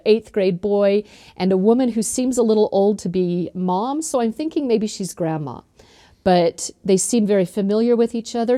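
A woman's voice: medium pitch, dry recording, studio quality. Earnest woman author telling stories. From northern Utah, USA. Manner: earnest, animated storyteller with frequent ums. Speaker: author guest. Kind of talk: interview storytelling.

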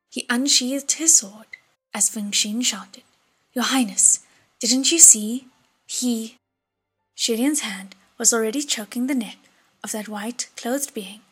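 A woman narrates an audiobook in a soft, half-whispered way. Her voice is deeply breathy and husky, sitting slightly high. The reading stays even and hushed.

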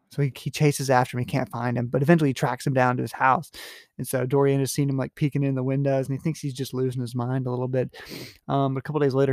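Rambling man recapping a novel, gravelly. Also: medium pitch, a little mellow, dry recording, clean studio sound. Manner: rambling, filler-heavy, amused. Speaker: podcast host. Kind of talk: casual book recap with readings.

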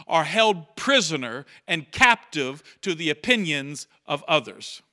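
A man's voice: on the high side, sing-song, a little slow, bright, forceful tone. A man preaching a sermon in church, talking conversationally, repeating key phrases and acting out quotes. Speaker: pastor.

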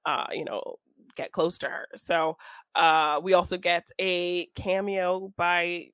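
A woman's voice: lowish voice, flat delivery, slow, a bit bright, clear, resonant tone, no room sound. Young woman gabbing about a movie, laughs a lot, dry close sound, acts out lines. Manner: chatty, laughs often, acts out scenes in quoted voices. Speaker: podcast co-host reviewing a film. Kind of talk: casual chat.

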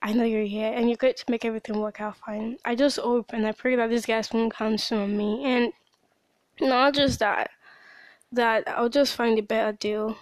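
A woman's voice: a little high, steady tone, normal speed, no room sound. Upset woman venting on her podcast. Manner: upset, venting, breaks off mid-sentence. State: upset after crying. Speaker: podcast host and small business owner. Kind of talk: personal diary podcast monologue.

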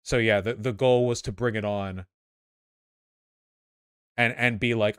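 A man giving casual, sarcastic commentary while reacting to video clips, with quick asides. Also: on the low side, fairly even intonation, a bit bright, smooth, no echo, studio quality.

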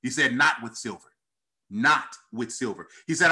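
Reading scripture during a sermon, this man calls out to his congregation, his call-and-response preaching climbing in pitch and intensity. His voice is animated, pushed, and bright, at a normal speed.

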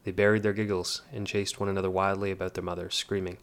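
A male narrator reading an audiobook with measured, steady delivery. His voice sits very low and stays level with little rise or fall. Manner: measured, even.

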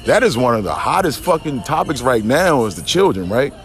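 Male, mid-pitch, profane and emphatic, rambling outdoor spiritual monologue with a faint music bed. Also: sing-song, a little fast, a bit bright. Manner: profane, emphatic, repeats himself, frequent restarts. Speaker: podcast host. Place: outdoors in a garden.

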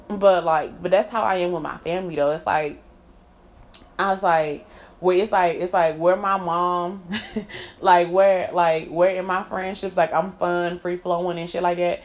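A woman's voice: lowish voice, measured pace. A woman talking candidly and emphatically to camera in a personal vlog, swearing freely and laughing often. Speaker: vlogger. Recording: slightly dull lo-fi sound.

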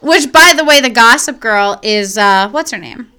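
A woman's voice: a little high, expressive, normal speed, pushed and bright, smooth. A young woman sarcastically reading an article aloud in a casual chat, swearing freely and mocking it with exaggerated disgust.

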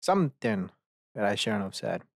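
A man's voice: on the low side, very animated, normal speed, creaky, no echo, clean studio sound. Rambling, profane man hosting a solo podcast. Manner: rambling and profane, self-mocking asides. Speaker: podcast host.

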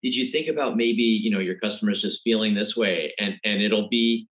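A low-pitched man speaks in a relaxed, reflective way, circling back and restarting his sentences as he thinks. His voice comes through a dull, slightly lo-fi remote connection. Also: normal speed. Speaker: guest entrepreneur. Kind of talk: casual interview talk.

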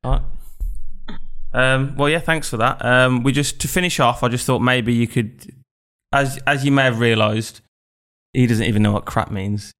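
A man co-hosting a casual podcast, speaking at a middle pitch. He is laid-back and often drops to a quiet aside. His talk is loose and conversational. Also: steady tone, normal speed. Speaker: podcast co-host. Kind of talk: casual interview chat.

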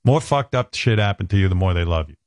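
A man's voice: low voice, animated, fast talker, no echo, clean studio sound. An older man hosting a talk show, bantering crudely and mocking people with impressions. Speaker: radio show host.

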